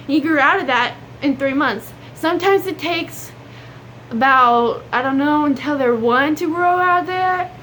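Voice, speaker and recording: A woman's voice: sits high, a bit bright, slight background noise. A young woman, chatting earnestly in a casual advice vlog and saying y'all. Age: young adult. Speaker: vlogger.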